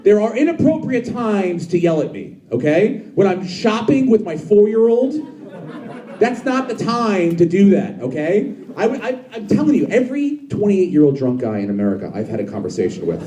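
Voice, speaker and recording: A man's voice: sits high, very animated, normal speed, mellow. A man in his thirties doing live stand-up comedy in a club, brash and profane, bantering with the crowd. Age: 30s. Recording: echoey club, distant mic, crowd. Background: audience laughter.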